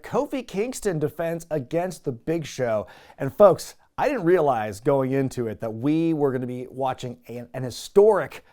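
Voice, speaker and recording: A man's voice: mid-range voice, dark tone. A man hosting a casual wrestling review show, recapping matches with wry, chuckling asides. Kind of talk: casual commentary.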